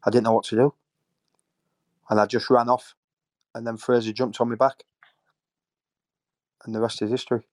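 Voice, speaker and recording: A man's voice: medium pitch, little pitch movement, moderate pace, long pauses, dry recording. A man, a former footballer telling stories in a rambling, emotional way. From Hull, England. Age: 50s. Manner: rambling, repeats words, emotional. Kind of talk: casual storytelling interview.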